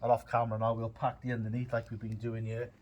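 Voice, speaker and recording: Chatty builder on a noisy site. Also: male voice, medium pitch, completely flat delivery, fast, highs cut off. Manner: chatty, down-to-earth, addresses viewers by name. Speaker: building contractor presenting. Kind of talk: casual on-site how-to talk. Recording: noisy outdoor site recording.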